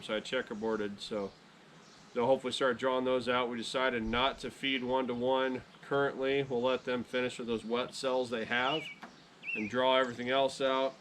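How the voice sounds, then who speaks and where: A man chatting casually to camera outdoors beside his beehives in a relaxed, rambling way, often correcting himself. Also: mid-range voice, a little hiss or hum. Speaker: beekeeping vlogger.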